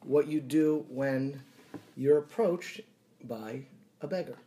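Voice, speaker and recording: A man's voice: medium pitch, slow, warm tone, a little hiss or hum. A man joining a casual chat in a hotel room as a guest comedian, with dry, wisecracking interjections.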